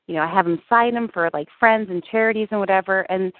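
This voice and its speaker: A woman's voice: mid-range voice, fast talker, no room sound. A woman guest in a casual interview, rambling with lots of "like" fillers. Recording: tinny dry phone-line audio.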